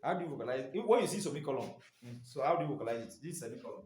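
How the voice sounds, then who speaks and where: A man's voice: medium pitch, lively intonation, rapid-fire, darkish tone. Quizzing male trainer, echoey room. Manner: quizzing listeners with fill-in questions. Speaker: staff trainer. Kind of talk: classroom teaching.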